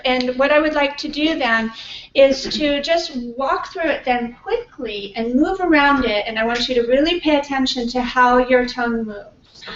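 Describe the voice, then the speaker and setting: A woman professor teaching pronunciation to a class, modelling sounds slowly and patiently. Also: sits high, a little hiss or hum. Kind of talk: classroom lecture. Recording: far-off, echoey, dull classroom recording.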